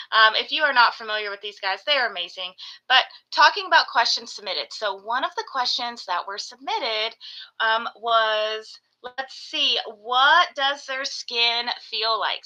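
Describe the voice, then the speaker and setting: A woman with a high, very bright voice, chatting casually on a live stream from home. She gushes and coos at her pets, slipping into baby talk between her explanations. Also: low-quality recording. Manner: gushing, baby-talks to her geckos. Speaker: reptile breeder hosting a live sales stream.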